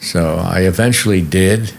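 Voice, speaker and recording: A low, gravelly older man spins stories as a podcast guest, slipping into the voices of the people he quotes. A faint hiss sits under his voice. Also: unhurried. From New York. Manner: lively storyteller who acts out the people he quotes. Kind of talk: storytelling anecdotes. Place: podcast studio.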